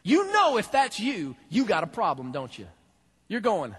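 Animated, husky-voiced pastor preaching. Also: male voice, sits high, normal speed. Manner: animated, talks straight to the congregation. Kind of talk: sermon.

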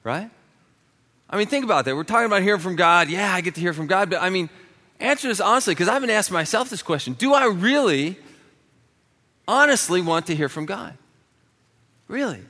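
A male pastor delivering a lively sermon, his voice bright and forceful and pitched a touch high. He tells funny everyday stories with lots of energy, slipping into little comic voices as he goes. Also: a little fast, long pauses, in a large hall. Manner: quiet and hushed while praying. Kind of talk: sermon with prayer and humorous stories.

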